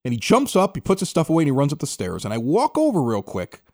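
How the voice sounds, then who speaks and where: A man hosting a podcast, telling stories in an excitable, animated way and acting out both sides of conversations. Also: on the high side, quick pace. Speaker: podcast host. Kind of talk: casual storytelling chat.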